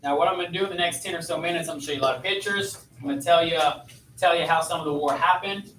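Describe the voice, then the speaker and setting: Speaking fast in a somewhat high, slightly bright voice, a man teaches a history class in a chatty lecture style, quizzing his students as he goes. The echoey classroom recording catches him from far off, with a little background noise.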